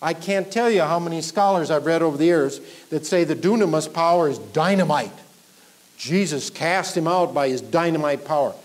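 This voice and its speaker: Emphatic man preaching a verse-by-verse sermon. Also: moderate pace. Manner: teaching verse by verse, emphatic rises, trailing off low at line ends. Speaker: pastor. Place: church sanctuary.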